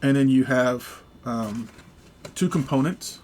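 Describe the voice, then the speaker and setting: A man's voice: mid-range voice, slow. A man with a mid-range voice walks viewers through a hands-on repair at a workbench, speaking casually and hesitantly with plenty of ums and little jokes. A faint hum sits under his voice. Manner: relaxed, joking, hesitant with fillers. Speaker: gun repair video host. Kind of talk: casual how-to demonstration.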